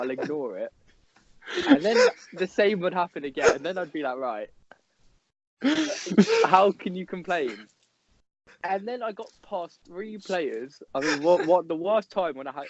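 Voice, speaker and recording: A young man co-hosting a podcast, telling a story in an animated, exasperated way. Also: high-pitched, normal speed, a crowd in the background. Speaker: podcast co-host. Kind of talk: casual storytelling chat. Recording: dull lo-fi podcast audio.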